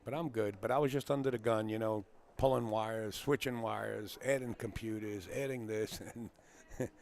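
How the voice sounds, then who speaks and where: Chatty man with a very low voice. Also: fairly even intonation, normal speed, creaky, a little mellow, a little hiss or hum. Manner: chatty, rambling, greets viewers by name. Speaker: live stream host. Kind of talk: casual live-stream chat. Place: pool hall.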